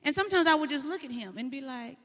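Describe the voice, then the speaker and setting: A woman's voice: high voice, quick pace. Folksy woman preaching in a hall. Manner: folksy, animated storytelling with laughter. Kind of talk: sermon. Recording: long hall reverb.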